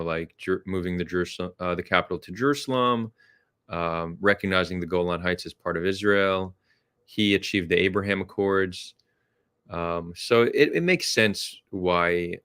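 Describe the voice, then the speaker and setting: A man's voice: sits low, a bit bright. A man hosting a podcast, talking in a thoughtful, hesitant way with many restarts. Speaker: podcast host. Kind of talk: casual conversation.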